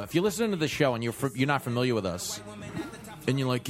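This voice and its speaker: A man co-hosting a live radio show, his voice swinging up and down with lively, joking energy. He fires off quick asides and banter in a casual studio chat, with faint music under him. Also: mid-range voice. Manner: animated, jokey, quick asides. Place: radio studio in New York City.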